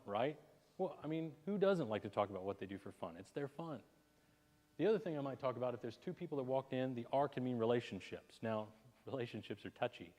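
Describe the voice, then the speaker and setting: Chatty man presenting in an echoing hall. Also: mid-range voice. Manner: energetic, chatty, asks the audience questions. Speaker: networking presenter. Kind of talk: live presentation to a small audience. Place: chamber of commerce meeting room. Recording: long hall reverb.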